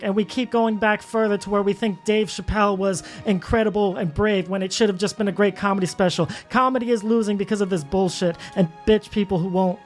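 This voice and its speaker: A man's voice: high-pitched, lightly acted. A man putting on a comic accent to deliver an angry, emphatic rant about comedy in a debate bit.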